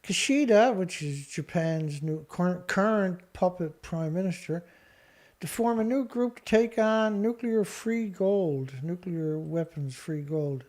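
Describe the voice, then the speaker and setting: Angry host, mellow dark tone. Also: mid-range voice, slow pace. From Canada. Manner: angry, sarcastic, insulting, talks back at the headlines. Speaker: online show host. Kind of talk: reading news items and ranting about them.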